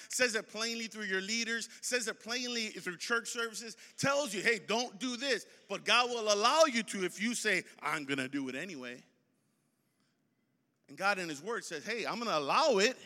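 A high, bright male voice preaching a sermon with rising, repeated emphasis. He sounds like a pastor in his forties. The sound carries a long reverb from a large church hall.

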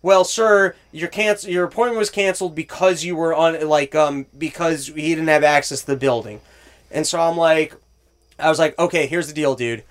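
High-voiced man ranting profanely. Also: steady tone, normal speed. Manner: profane, exasperated ranting, acts out both sides of calls. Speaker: storyteller on a talk show. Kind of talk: casual chat.

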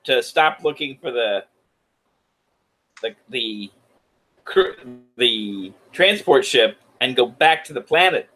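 A man's voice: medium pitch, animated, slow, long pauses, fairly bright tone, rough recording. A man co-hosting a podcast, giving wry, analytical comments in a casual discussion. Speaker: podcast co-host.

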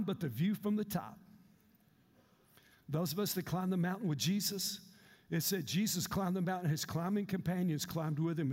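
A male pastor, preaching an animated, humorous sermon. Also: sits high, in a large hall. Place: church sanctuary.

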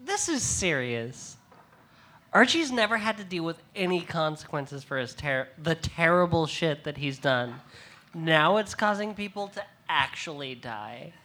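A woman's voice: low-pitched, expressive, unhurried, fairly bright tone, full character voice. A woman reading the part of a catty rich teenage girl in a comedic table read, snappy and sarcastic. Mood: snarky.

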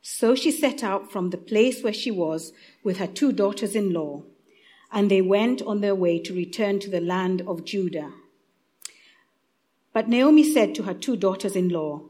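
Gentle woman with an East African accent. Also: mid-range voice. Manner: gentle, unhurried, with small restarts. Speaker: church reader leading prayer. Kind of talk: prayer and Bible reading. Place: church.

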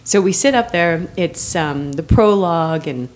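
A woman's voice: on the low side, animated, a little slow. A woman talking casually in an interview about mentoring girls, telling stories with frequent laughs and fillers. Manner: warm storyteller, laughs often, many fillers.

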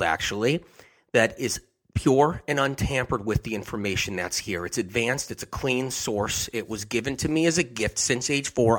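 Giggling and emphatic, a man hosting a health show on the radio repeats himself often during a casual monologue. His voice is mid-range with a touch of brightness.

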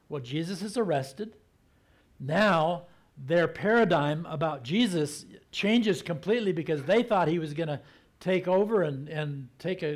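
Man preaching in a relaxed storytelling way. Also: fairly high pitch. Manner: conversational storytelling, acting out quotes; slows down and drops to a soft, hushed voice for emphasis. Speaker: pastor. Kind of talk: sermon.

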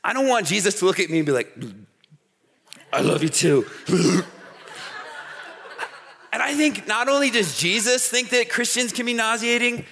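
A man preaching a youth sermon at a camp, telling stories in an animated way and checking in with the crowd with "okay?" and "all right?". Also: sits high. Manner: animated storytelling with frequent "okay?" asides. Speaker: camp speaker. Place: large hall with an audience. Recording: hall reverb.

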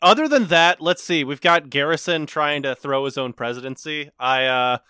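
A man co-hosting a podcast in casual chat. He is excitable, laughs easily and swears often. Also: fairly high pitch, normal speed, clear, resonant tone, no echo, clean studio sound. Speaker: podcast co-host.

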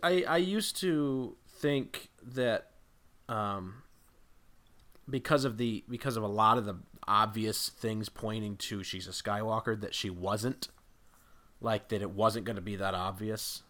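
Low-voiced man rambling through a theory. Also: a little slow, a bit bright. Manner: rambling, thinking aloud with many fillers. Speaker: podcast guest. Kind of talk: casual podcast discussion.

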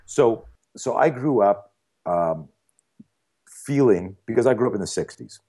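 A man in his sixties with a very low, deep voice tells stories in a relaxed podcast chat. He acts out both sides of his conversations and often restarts his sentences. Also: unhurried. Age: 60s. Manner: animated storyteller who acts out dialogue with frequent restarts. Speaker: fear management speaker and podcast guest. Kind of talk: casual podcast conversation, storytelling.

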